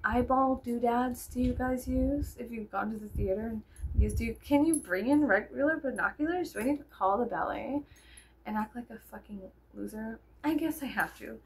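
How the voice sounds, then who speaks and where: A woman's voice: a little high, normal speed, breathy edge. A tired young woman rambling to her viewers in a casual vlog, swearing a lot and joking sarcastically. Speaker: vlogger. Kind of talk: casual chat to camera.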